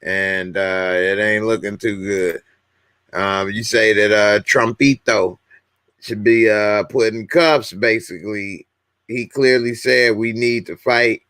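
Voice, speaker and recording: A man's voice: fairly low pitch, fairly even intonation, slow, fairly bright tone, smooth, no room sound, studio quality. A man hosting a casual livestream, bluntly commenting and reading viewers' comments aloud. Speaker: livestream host.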